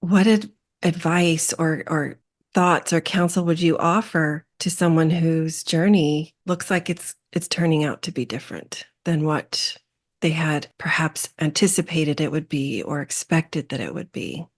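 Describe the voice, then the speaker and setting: Low-voiced woman hosting an interview. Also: unhurried. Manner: gentle, affirming, searching for words. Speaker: podcast host and coach. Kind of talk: interview conversation.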